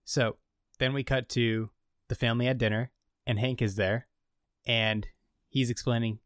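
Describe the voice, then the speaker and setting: A man co-hosting a casual podcast, recapping a show and acting out the characters' lines in an animated way. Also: mid-range voice, a little slow, pauses often, no room sound, clean studio sound. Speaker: podcast co-host recapping an episode. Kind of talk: casual chat.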